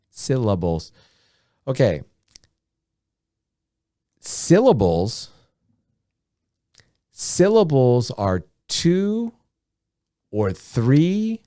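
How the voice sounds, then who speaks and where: A man teaching a beginner English lesson, speaking slowly and deliberately, repeating words and often saying "okay". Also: mid-range voice, warm tone, dry recording, studio quality. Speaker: ESL teacher.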